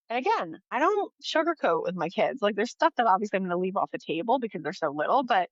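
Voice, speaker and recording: A woman's voice: medium pitch, sing-song, fast, few pauses, no echo, highs cut off. Chatty mother musing on parenting. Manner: earnest, chatty, many "like" fillers. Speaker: podcast host. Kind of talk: casual monologue.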